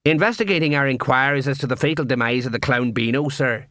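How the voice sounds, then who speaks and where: A plodding middle-aged watch sergeant, as a man reads him in an audiobook. He questions people in a flat, dogged way. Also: mid-range voice, fast talker, no room sound, clean studio sound, lightly acted. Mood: deferential.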